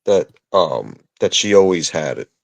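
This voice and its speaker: A man's voice: sits low, very animated, unhurried, vocal fry, no echo. A sleepy, tired man calling in, answering hesitantly and apologizing. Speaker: caller.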